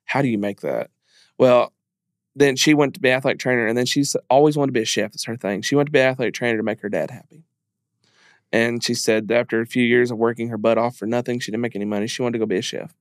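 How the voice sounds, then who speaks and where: A man's voice: mid-range voice, fairly even intonation, fast, dry recording, studio quality. A man speaking as a podcast guest in a candid interview, earnest and emphatic, repeating phrases as he talks openly about grief.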